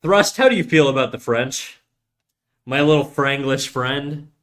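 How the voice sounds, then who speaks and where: Drawing on stream, a young man from Canada talks in a mid-range, slightly bright voice with lively intonation and a measured pace. His Canadian accent comes through as he jokes, rambles, and swears freely in casual storytelling chat.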